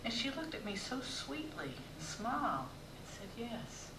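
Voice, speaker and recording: A woman telling personal stories on a theater stage, wry and expressive with dramatic pauses. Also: on the high side, background noise. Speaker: storyteller. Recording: echoey theater from a distance.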